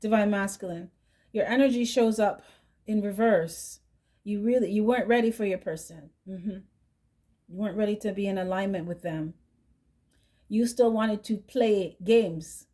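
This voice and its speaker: A woman's voice: mid-range voice, measured pace, dark tone. A woman doing a tarot reading, chatty and direct, who keeps asking "right?" and adds "mm-hmm" between thoughts. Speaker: tarot reader.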